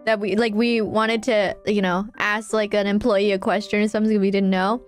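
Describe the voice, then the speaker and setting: A woman's voice: mid-range voice, flat delivery, moderate pace, soft background music. A woman streamer chatting casually, telling a rambling, giggly story with many restarts.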